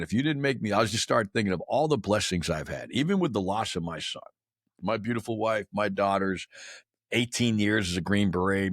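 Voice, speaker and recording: A man's voice: on the low side, fairly bright tone, no echo, studio quality. A man in his sixties telling stories as a podcast guest, in a blunt, profane, slangy way, calling people "man" and "dude". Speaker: podcast guest, military veteran. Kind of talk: casual storytelling in a podcast interview.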